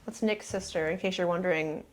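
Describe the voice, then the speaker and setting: A woman hosting a live stream, chatting casually indoors and quickly thanking viewers. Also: on the low side, fairly even intonation, a little hiss or hum. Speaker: livestream host. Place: indoors in an old house.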